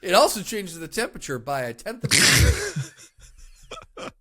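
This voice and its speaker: A man co-hosting a podcast in casual chat, chiming in with quick reactions and jokes. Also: high-pitched, huge pitch swings, sharp tone. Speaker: podcast co-host.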